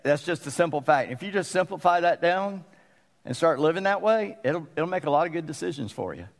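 A man preaching a sermon as pastor, folksy and conversational, with emphatic pauses. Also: a little high, lively intonation, vocal fry, big-room sound.

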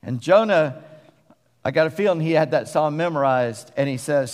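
A male pastor with a Southern accent delivers a sermon in a folksy, talk-it-through manner. His voice sits a little high for a man. The recording carries the long echo of a church sanctuary. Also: moderate pace. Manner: folksy, conversational preaching. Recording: long reverb of a church hall.

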